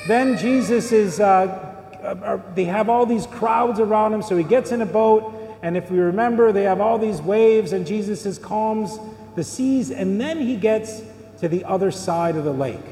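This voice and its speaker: A man's voice: high voice, dark tone. A middle-aged man, a priest, preaching a sermon in a church in a conversational way, full of rhetorical questions. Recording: echoey church hall with long reverb.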